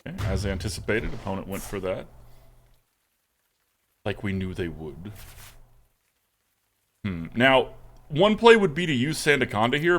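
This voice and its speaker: A man's voice: medium pitch, slight background noise. A man streaming a card game live, commenting on his plays in a jokey, chatty way and talking to his viewers. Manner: animated, jokey, talks to chat.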